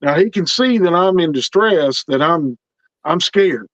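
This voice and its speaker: A man's voice: a little high, expressive, unhurried, a bit bright, no room sound, muffled recording. Earnest, folksy male storyteller. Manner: folksy, earnest, repeats words when building tension. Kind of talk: casual spoken storytelling.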